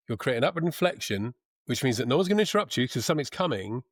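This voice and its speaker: Thoughtful man speaking slowly, dry sound. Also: medium pitch, animated, dry recording. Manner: thoughtful, measured, with pauses and restarts; trained actor's diction. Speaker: podcast guest. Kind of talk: reflective conversation.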